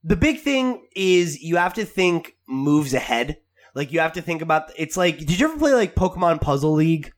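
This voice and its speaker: An American man co-hosting a gaming podcast in casual chat, animated and teasing, laughing often. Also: fairly high pitch, normal speed. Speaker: podcast co-host.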